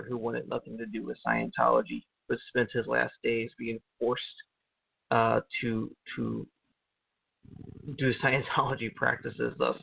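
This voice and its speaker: A man hosting a podcast, introducing the episode in a halting way with many fillers. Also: medium pitch, gravelly, breathy edge, no room sound. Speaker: podcast host. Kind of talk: show introduction. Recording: distant, lo-fi phone-like sound.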